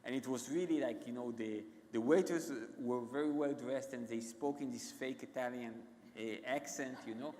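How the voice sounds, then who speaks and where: A man with an Israeli accent, a guest author telling stories on stage in a halting, self-interrupting way. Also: mid-range voice, dark tone, slight background noise. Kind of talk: onstage conversation, anecdotal storytelling. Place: large event hall. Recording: echoey hall.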